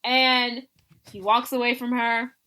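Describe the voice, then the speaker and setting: A woman co-host recaps a film in relaxed, chatty talk. Her voice sits a little high, and she keeps slipping into the characters' lines as she tells it. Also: slow pace. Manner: animated storytelling, acts out characters' lines. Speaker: podcast co-host. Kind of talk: casual movie recap.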